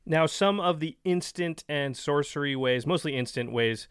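A man's voice: fairly high pitch, moderate pace, fairly bright tone, clear, resonant tone, no room sound. A man co-hosting a card game podcast, explaining cards in casual chat with dry jokes. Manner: explains card rules, jokey. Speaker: podcast co-host.

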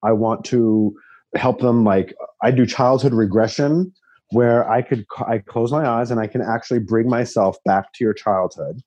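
A man from Long Island, a psychic guest on a chat show, animated and profane, laughing often. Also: mid-range voice, normal speed, dull audio. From Long Island, New York. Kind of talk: casual chat.

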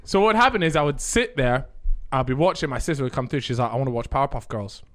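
A man in casual podcast chat, telling animated childhood stories and laughing often. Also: mid-range voice, quick pace. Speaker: podcast host.

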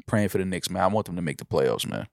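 A man's voice: sits low, creaky, pushed and bright, no echo, clean studio sound. A man hosting a podcast in casual chat, laid-back, slangy and joking. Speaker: podcast host.

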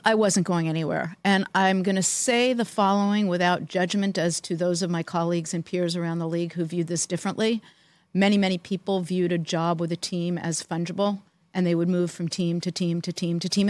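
Older woman telling lively anecdotes. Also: lowish voice, fairly quick, dry recording. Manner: animated, giggly anecdotes. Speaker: podcast co-host. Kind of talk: storytelling in casual chat.

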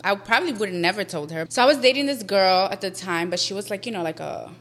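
Bright-voiced woman, swearing, casual storyteller. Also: medium pitch, fast. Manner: swears freely, code-switches into Spanish. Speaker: podcast guest.

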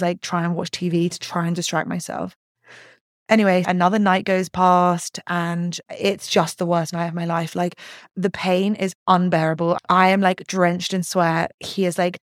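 A young woman hosting a solo podcast, telling a story in an animated way, swearing and laughing as she goes. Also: lowish voice, no room sound, studio quality. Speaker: podcast host.

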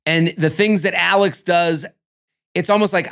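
A man co-hosting a podcast, chatting casually about a reality dating show, animated and cussing, now and then acting out cast members. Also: high voice, unhurried, vocal fry. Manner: animated, swearing, acts out cast members in exaggerated voices. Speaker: podcast co-host. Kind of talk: casual reality-TV recap chat.

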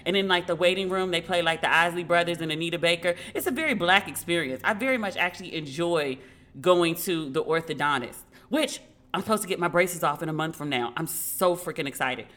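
A woman's voice: on the low side, fairly quick. A woman podcast host chatting casually and frankly, swearing now and then and acting out the dialogue in her stories. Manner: animated storyteller who acts out dialogue.

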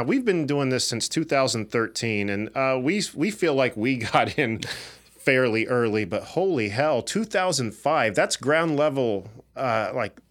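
A man hosting a podcast interview, friendly and eager, quick to laugh with his guest. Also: mid-range voice, a bit bright. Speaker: podcast host. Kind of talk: casual interview chat.

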